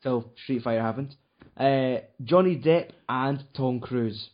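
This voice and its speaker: A man's voice: medium pitch, a little slow, dull audio. A man hosting a casual podcast chat, rambling and swearing often. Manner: swears a lot, rambling with fillers. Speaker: podcast host.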